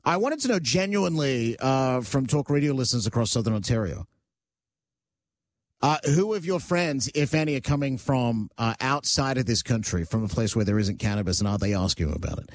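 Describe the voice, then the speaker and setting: A man's voice: mid-range voice, lively intonation, brisk. A male talk radio host chatting casually, teasing callers and ranting wryly. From Canada. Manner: wry, teasing, ranting asides.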